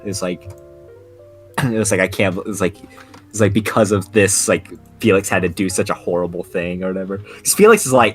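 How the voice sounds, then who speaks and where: A young man chats casually on a podcast in a slightly low voice, stumbling through restarts and fillers as he goes. Faint music plays underneath. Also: normal speed. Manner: rambling, many restarts and "like" fillers. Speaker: podcast co-host. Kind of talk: casual anime podcast chat.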